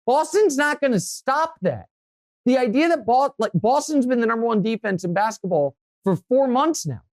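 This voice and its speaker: A male sports talk host chatting casually in a dry studio with no room echo. He tells stories with animation and pushes his voice higher as he gets fired up. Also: normal speed. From Kansas City area, USA. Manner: animated storytelling, voice rising when worked up.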